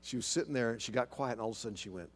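A middle-aged man from Oklahoma preaching, telling a story with lively delivery and dropping to a hushed voice when quoting others. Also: mid-range voice, rapid-fire, slightly rough. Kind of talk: sermon storytelling.

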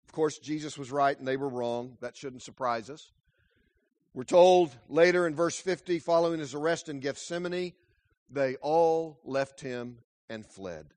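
A male pastor preaching a sermon, dramatic, swinging between loud emphasis and hushed asides. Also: a little high, measured pace, dry recording.

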